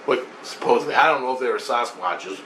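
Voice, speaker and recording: A man's voice: mid-range voice, a little fast, slight background noise. Rambling man in an echoey room. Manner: rambling, animated, repeats himself. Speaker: vlogger. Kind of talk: casual spoken account. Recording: roomy echo, faint ambience.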